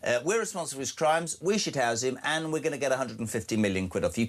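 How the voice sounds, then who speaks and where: A man's voice: medium pitch, lively intonation, quick pace, few pauses. A man hosting breakfast talk radio, reading out listener messages with wry asides and working up into indignant rants. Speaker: radio breakfast show host.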